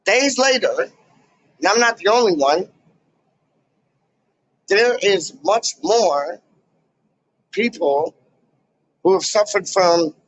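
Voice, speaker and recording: A man ranting casually to camera in a vlog, full of slang and loud asides. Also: high-pitched, animated, slow pace, pauses often, muffled recording. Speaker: YouTuber. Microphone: camera mic.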